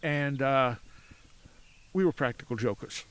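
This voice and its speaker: A man telling a story as a podcast guest outdoors at a cemetery, animated, acting out voices in his anecdotes and laughing often. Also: medium pitch, unhurried, clean tone. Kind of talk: casual storytelling.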